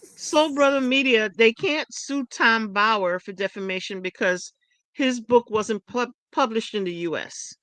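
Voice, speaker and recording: A woman's voice: fairly high pitch, measured pace, fairly bright tone, clean tone, no echo. A woman co-hosting a casual gossip chat, explaining in a matter-of-fact way. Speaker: co-host.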